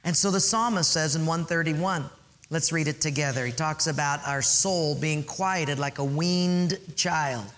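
A man's voice: on the high side, measured pace, fairly bright tone. A man preaching a sermon earnestly, asking listeners to underline and write things in their notes. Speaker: pastor.

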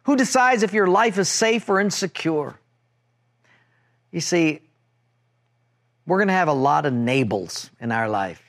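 A middle-aged man preaching a sermon, telling a personal story with lively acted-out dialogue. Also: a little slow, long pauses. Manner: animated storytelling, acting out quoted voices with big pitch jumps. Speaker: pastor.

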